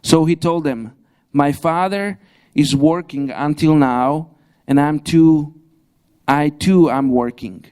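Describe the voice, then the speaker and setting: Male preacher, halting delivery. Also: on the high side, dark tone, clean tone. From Slovakia. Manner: halting, frequent restarts, non-native grammar, light laughs. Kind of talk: sermon. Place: church hall.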